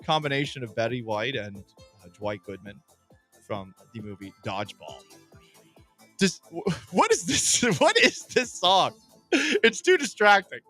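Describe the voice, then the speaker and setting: A man hosting a sports radio show, animated and jokey, reading listener comments aloud in casual chat. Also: fairly high pitch, a little slow, soft background music.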